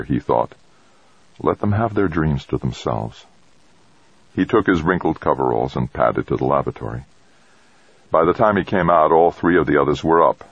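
Very deep, gravelly male narrator. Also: no echo, muffled recording. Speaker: audiobook narrator. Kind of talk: scripted novel narration.

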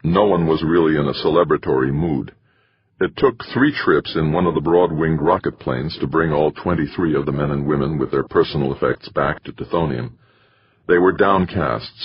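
A man reading an audiobook in measured, expressive scripted narration, on a slightly muffled recording. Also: very deep voice.

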